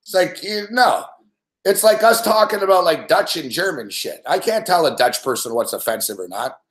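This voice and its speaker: A man's voice: a little high, animated, moderate pace, fairly bright tone, roomy sound. A man hosting a sports betting show live, ranting in a casual, profane, rambling way and laughing often. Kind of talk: casual live-stream rant.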